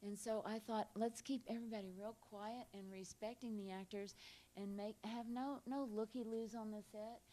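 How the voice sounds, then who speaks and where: An animated woman telling stories on a cinema stage, moving easily from plain narration into acted-out quotes and quick laughs. She speaks candidly, with casual swearing, and her voice sits at an ordinary middle pitch. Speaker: film director, guest. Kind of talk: onstage conversation, anecdotes. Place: cinema stage at a live event.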